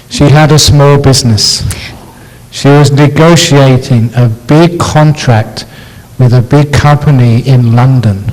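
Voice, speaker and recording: His voice a little high, a Buddhist monk tells slow, gently funny stories during a dharma talk held in a university lecture hall.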